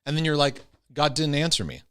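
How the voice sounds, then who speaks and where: A middle-aged man giving a casual Christian teaching talk on anxiety and intrusive thoughts, chatty and animated, often acting out little voices and ending points with "right?". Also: fairly high pitch, brisk, clear, resonant tone. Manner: conversational, acts out voices with tag questions.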